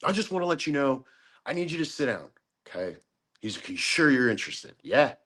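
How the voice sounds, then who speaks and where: A man's voice: mid-range voice, sing-song, fairly quick, pushed and bright. A man as a podcast guest, casually telling a story, swearing freely and acting out other people's voices. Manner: profane, acts out quoted voices.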